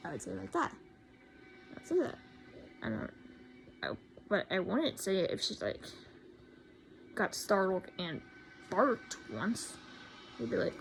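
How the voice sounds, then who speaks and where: Indignant teen girl with a gravelly voice. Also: medium pitch, sing-song, unhurried, pauses often, a little hiss or hum, low-quality recording. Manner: indignant, sarcastic, repeats herself for emphasis. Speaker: vlogger. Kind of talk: storytime rant.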